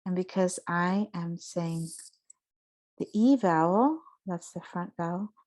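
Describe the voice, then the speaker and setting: Woman voice teacher, unhurried, casual lesson delivery, demonstrates sounds as she explains. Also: lowish voice, darkish tone.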